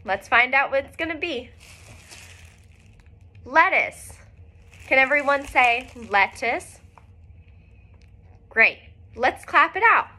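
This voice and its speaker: A woman teacher leading a recorded phonics lesson for young children, speaking clearly and encouragingly with frequent praise. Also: high voice, expressive, a little slow, long pauses, sharp tone.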